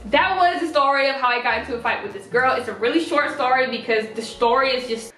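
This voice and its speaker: Animated woman vlogger telling a story. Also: high-pitched, fast talker, a little hiss or hum. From Netherlands. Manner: animated storyteller, acts out quotes with laughs. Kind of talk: casual storytime vlog. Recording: roomy echo.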